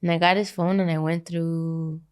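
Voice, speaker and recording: A woman's voice: lowish voice, moderate pace, clean tone. A woman, a musician guest, chatting playfully and laughing often. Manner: animated, playful, bursts of laughter. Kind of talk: casual chat.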